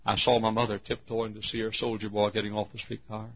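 Gravelly husky preacher in his fifties. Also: on the low side, flat delivery, quick pace. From Texas. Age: 50s. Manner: folksy storytelling, rising to fervent exhortation. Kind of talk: sermon. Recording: dull lo-fi sermon recording.

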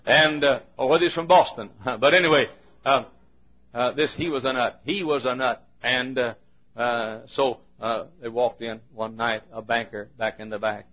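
A man preaching a sermon in a church, swinging between shouted appeals and quiet asides. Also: medium pitch, fairly even intonation, normal speed. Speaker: pastor. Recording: dull lo-fi sermon recording.

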